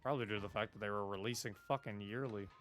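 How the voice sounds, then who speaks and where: A man's voice: lowish voice, steady tone, very fast, a bit bright, faint music behind. A young man streaming a video game live, chatting casually, laughing often and swearing now and then.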